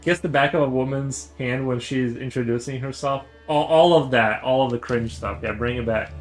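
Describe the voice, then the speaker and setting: A man's voice: mid-range voice, normal speed, faint music behind, rough recording. A young man streaming his drawing, chatting casually and rambling with many fillers and restarts. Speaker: artist streamer.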